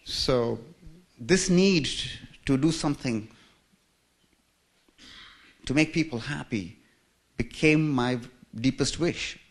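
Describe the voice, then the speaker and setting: Taking it slowly with long pauses, a man from India with a mid-range voice narrates his life story in a church. He chuckles often and mixes humour with self-mockery.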